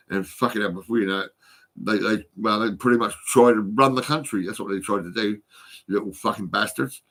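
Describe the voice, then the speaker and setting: Man, phone vlog rant; repetitive, profane, agitated; bright, slightly husky tone. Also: on the low side. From United Kingdom. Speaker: vlogger. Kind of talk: rambling angry monologue.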